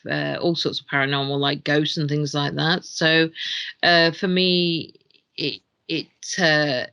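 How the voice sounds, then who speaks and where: Bright-voiced hesitant woman guest. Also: low voice, fairly even intonation, a little slow, vocal fry, smooth, no room sound. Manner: hesitant, unsure. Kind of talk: casual chat.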